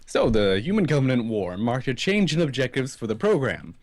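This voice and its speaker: This is a man reading game lore aloud on a home stream, his pitch swinging up and down as he goes. He breaks off into chatty asides and trips over a word now and then. He talks into a desk mic from his computer chair, with a faint hum of room sound behind him. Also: sing-song, fairly quick. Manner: reads long passages with chatty asides and stumbles.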